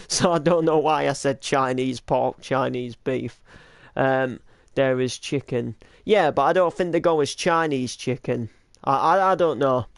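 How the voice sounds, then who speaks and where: A man's voice: medium pitch, unhurried, gravelly, no echo. Young man rambling through a reaction video. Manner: rambling, lots of likes and restarts. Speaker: channel host reacting to old videos. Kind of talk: casual reaction commentary.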